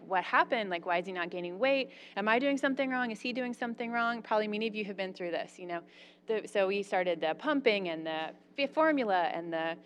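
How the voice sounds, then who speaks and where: A woman's voice: mid-range voice, a bit bright, slight background noise. A woman telling a personal story to a live audience, candid and self-deprecating, with many ums and likes.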